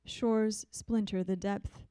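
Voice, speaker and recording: A woman poet reading her poems in a measured, deliberate way, with soft, hesitant asides between them. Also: medium pitch, fairly even intonation, clear, resonant tone, no room sound. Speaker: visiting poet. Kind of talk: poetry reading.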